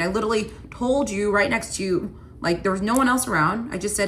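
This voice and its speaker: A young woman telling a personal story in a casual vlog, retelling it with lively quoted voices. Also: mid-range voice, quick pace. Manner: animated retelling, quoting both sides in voices. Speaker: storyteller vlogger.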